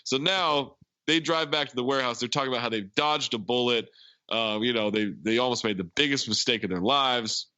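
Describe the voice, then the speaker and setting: A man's voice: medium pitch, brisk, bright, forceful tone, clean tone, no echo, lo-fi sound. A man hosting a podcast, casually retelling a movie's plot in a rambling way. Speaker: podcast host.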